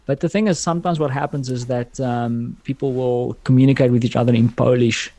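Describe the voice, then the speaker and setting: A man's voice: medium pitch, steady tone, a little fast, mellow, no room sound. A man from South Africa, a podcast guest in casual chat, telling stories in a friendly way and calling the host "man".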